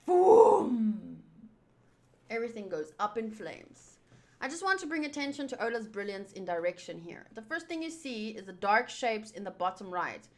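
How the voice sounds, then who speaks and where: Chatty woman with a bright voice. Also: mid-range voice, very animated, brisk. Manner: rambling, chatty, many fillers. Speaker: YouTuber reading a comic aloud. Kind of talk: casual readthrough commentary.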